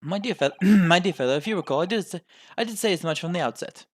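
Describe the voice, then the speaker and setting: A man's voice: high voice, animated, fast talker, slight background noise, pitched above the performer's own voice. A man voicing a pompous, confident detective in a game, lecturing in formal, old-fashioned phrasing.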